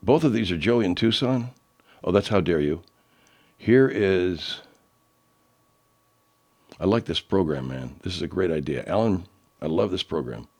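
Male host, low and lively voice, loose laid-back chatter, swears freely. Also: unhurried, pauses often. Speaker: show host playing listener submissions. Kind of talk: casual chat.

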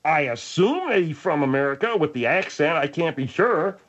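A man's voice: fairly high pitch, very animated, moderate pace, fairly bright tone, dull audio. A man voicing a brash male studio guest who argues and speaks with sloppy grammar. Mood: argumentative.

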